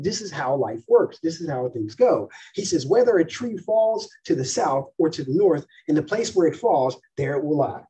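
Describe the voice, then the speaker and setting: A man's voice: a little high, warm tone, slightly rough. A man preaching a sermon in a conversational way, often checking that his listeners follow. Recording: dull distant mic in a room.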